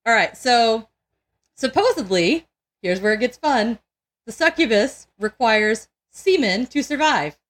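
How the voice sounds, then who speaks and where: A woman's voice: a little high, lively intonation, a little slow. A woman co-hosting a podcast in casual chat, crude and joking, laughing often and tripping over words. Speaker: podcast co-host.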